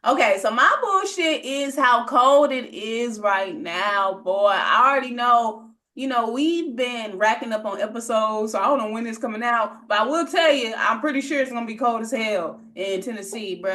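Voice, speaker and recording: A young woman co-hosting a podcast, talking in an animated, exclamatory way with plenty of slang and swearing. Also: on the high side, moderate pace, hardly any pauses. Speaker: podcast co-host. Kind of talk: casual chat.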